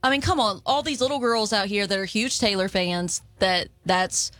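A woman's voice: mid-range voice, moderate pace, a bit bright, no room sound. A woman co-hosting a morning radio show, giving her opinions in casual, conversational banter. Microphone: studio microphone.

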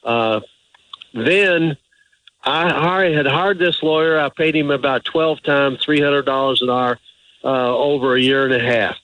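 A man's voice: mid-range voice, fairly even intonation, measured pace, a bit bright, rough recording. A man calling a radio advice show, telling a long, hesitant, rambling story full of restarts and fillers. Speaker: caller. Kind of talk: phone-in call.

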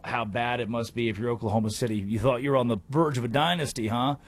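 A man hosting a sports radio show, talking in an animated, jokey monologue. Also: medium pitch, brisk, hardly any pauses. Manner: animated, jokey, breaks into put-on voices.

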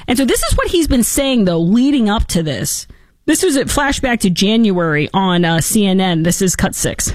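A woman's voice: on the high side, very animated, brisk, no echo. A woman hosting a political talk show, giving opinionated commentary with sarcastic, mocking asides.

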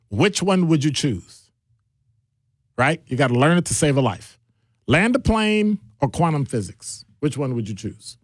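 Man voicing a radio talk host: lively, slightly high delivery, bouncing between topics, close dry mic. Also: no room sound. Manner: animated, jumps between topics, playful asides.

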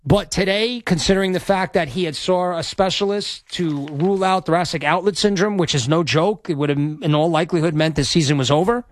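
A man's voice: fairly high pitch, a little fast, hardly any pauses, no echo. Guy hosting sports talk radio, rambly and hyped, dry close mic. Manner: energetic, rambling, self-promoting. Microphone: studio microphone.

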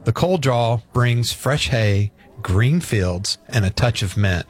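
Man slowly reading out cigar tasting notes. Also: medium pitch, animated. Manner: slow, deliberate reading of lists. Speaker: cigar review co-host.

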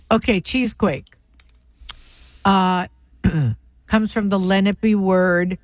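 A woman's voice: medium pitch, no echo. A woman from New Jersey co-hosting a casual radio talk show, chatty and amused, reading out listener messages. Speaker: radio co-host.

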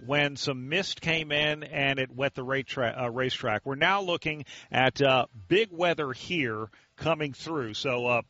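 A man hosting a live radio race broadcast, steady and informative as he passes along schedule news. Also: mid-range voice, unhurried, hardly any pauses, no room sound, highs cut off. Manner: steady, informative, thanks listeners often. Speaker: radio race play-by-play host.

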